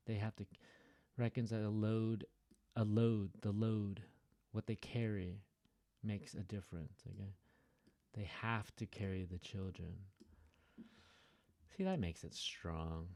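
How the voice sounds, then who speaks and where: A man's voice: fairly low pitch, creaky, warm tone, dry recording. A man teaching a reading lesson in a chatty way, often asking rhetorical questions as he goes through the answers. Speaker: English teacher.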